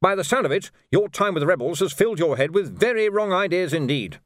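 A man's voice: sits high, expressive, quick pace, dry recording, clean studio sound, pitched above the performer's own voice. A man voicing a pompous, easily flustered army major who talks in an indignant officer's manner.

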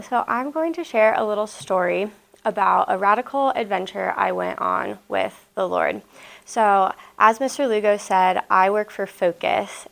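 A young woman from Nebraska tells a personal story to a school assembly. She talks in a lively, chatty way, peppering her speech with "like." Her voice has a gravelly fry at mid pitch. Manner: lively, chatty, many "like" fillers. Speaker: missionary speaker. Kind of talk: storytelling talk.

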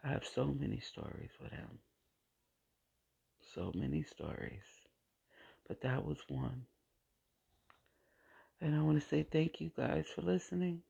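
A woman hosting a podcast, telling a personal faith testimony in an emotional, halting way and often repeating her phrases. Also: deep voice, creaky, mellow, slightly rough. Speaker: podcast host. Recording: dull lo-fi recording.

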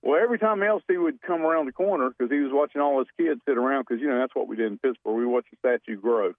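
A man rambles through a folksy story as a radio caller. His voice sits at an ordinary pitch. It comes down a dry, tinny phone line. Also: no echo. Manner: folksy, drawn-out, rambling anecdotes. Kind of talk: storytelling on a call-in show.

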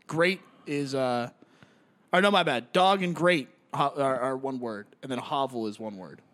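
A man's voice: mid-range voice, unhurried, a bit bright. A man giving word puzzles in casual banter, teasing, swearing and chuckling. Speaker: puzzle giver.

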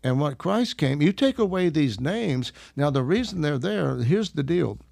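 Gravelly man telling a lively story. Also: a little high, normal speed, hardly any pauses, no echo. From Arkansas. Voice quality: gravelly, laughs while telling stories. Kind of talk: casual conversation, storytelling.

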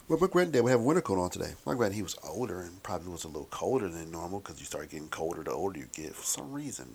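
A man's voice: fairly low pitch, vocal fry. A middle-aged man talking in a casual, rambling, wry monologue with some profanity.

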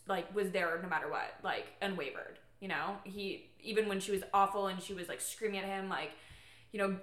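A woman guest in a casual podcast chat, animated and gushing, swearing and leaning on "like" as a filler. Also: medium pitch, reverberant. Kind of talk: casual chat about books.

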